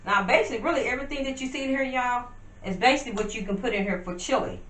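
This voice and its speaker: A woman talks her viewers through a pot of soup, calling them y'all as she works at the stove. Her voice sits at a middle pitch and comes from some way off the camera mic. The kitchen sounds roomy, with plenty of background noise. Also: very fast, fairly bright tone. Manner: chatty, addresses viewers as y'all, talks while working. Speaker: vlogger cooking at home. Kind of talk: casual cooking demonstration. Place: home kitchen. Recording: roomy, distant, noisy home video.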